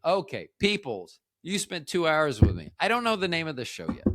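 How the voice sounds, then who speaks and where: A man's voice: mid-range voice, big pitch swings, brisk, hardly any pauses, a bit bright, no echo, clean studio sound. A man hosting his own podcast, rambling and joking at his own expense, often losing his thread and starting over. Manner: joking, self-deprecating, trails off and restarts. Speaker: podcast host. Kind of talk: rambling solo podcast chat.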